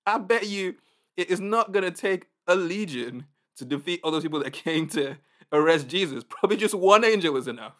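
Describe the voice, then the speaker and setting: Man, preacher, casual sermon, conversational, animated, fairly high voice. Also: brisk. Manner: conversational and animated, acts out reactions.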